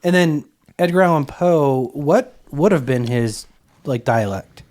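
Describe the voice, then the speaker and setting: A man's voice: on the high side, measured pace, a little mellow. A man co-hosting a podcast, chatting casually and asking questions with easy laughs. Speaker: podcast co-host. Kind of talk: casual chat.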